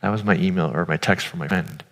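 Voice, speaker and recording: A man's voice: deep voice, quick pace, fairly bright tone. A man giving an earnest, informal sermon, speaking directly to his audience. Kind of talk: conversational sermon. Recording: long hall reverb.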